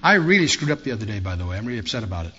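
Man doing a chatty bible teaching, bright forceful voice, kinda dull lo-fi recording. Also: fairly low pitch, big pitch swings, rapid-fire. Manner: conversational, storytelling asides. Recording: dull lo-fi sound with faint hiss.

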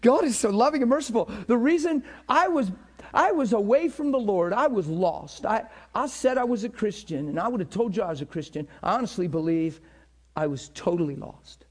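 Middle-aged male pastor, unusually high voice, fervent sermon delivery with big dynamic swings. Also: animated, brisk. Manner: impassioned preaching that swings between hushed and shouted.

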